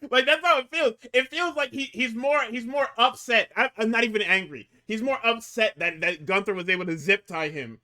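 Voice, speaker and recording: Male co-host, high and piercingly bright, profane heated chatter. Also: fairly quick, hardly any pauses. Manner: profane, heated ranting with laughs. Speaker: podcast co-host. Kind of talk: casual chat.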